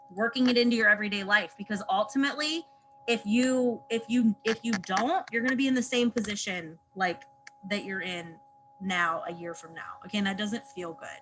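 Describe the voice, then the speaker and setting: A woman's voice: medium pitch, fairly bright tone, a little hiss or hum, rough recording. A woman hosting a group video call, chatting loosely and often correcting herself. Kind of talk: casual chat on a video call.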